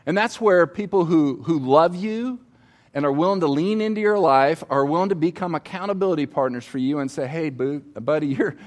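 A middle-aged pastor preaches on stage before a congregation, his voice slightly high, lively in intonation, and fairly quick. He shares personal stories conversationally and invites the audience to respond.

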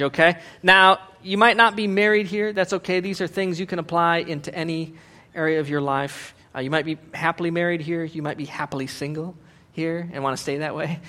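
Bright-voiced joking male preacher. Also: on the high side. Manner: joking, animated, acts out quotes. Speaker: pastor. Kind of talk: humorous sermon. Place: church.

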